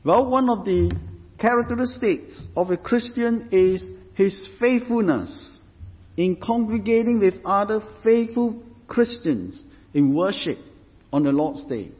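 A man preaching a sermon in a slow, measured way, often repeating phrases as he builds a point. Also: high-pitched, expressive. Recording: dull sound with long hall reverb.

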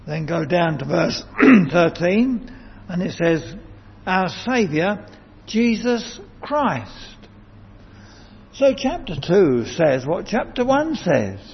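A man's voice: fairly high pitch, vocal fry, a little hiss or hum. A man preaching a sermon in a church, earnest and emphatic, lifting his voice to stress key words. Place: church building. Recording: dull lo-fi church sound with long reverb.

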